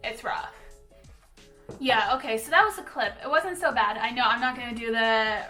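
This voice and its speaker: A young woman, a native Russian speaker from Russia, hosting a casual reaction video with chatty, animated commentary and quick laughs. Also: fairly high pitch, far from the mic. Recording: roomy echo, off-mic, faint music underneath.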